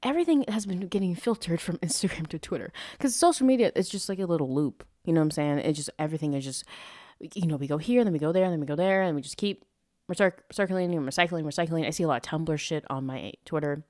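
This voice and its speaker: Young woman, podcast host, lively swooping delivery, rather low voice, rambling and profane, dry close sound. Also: fast, no echo. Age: young adult. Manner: rambling, profane, easily sidetracked. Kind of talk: casual solo podcast chat. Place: at home, street traffic nearby.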